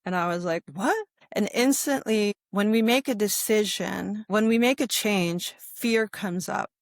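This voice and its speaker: A woman yoga instructor talking in a calm interview, with a soothing, guiding manner and a habit of asking "right?". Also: mid-range voice, unhurried, no room sound, studio quality. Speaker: yoga instructor and sobriety guest. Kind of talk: calm conversational interview talk.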